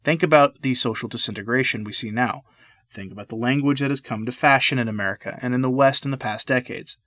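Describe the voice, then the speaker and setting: A man hosting a podcast, reading scripted commentary in an earnest, measured, lecturing way. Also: medium pitch, a bit bright, no room sound, clean studio sound. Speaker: podcast host. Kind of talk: scripted commentary read aloud.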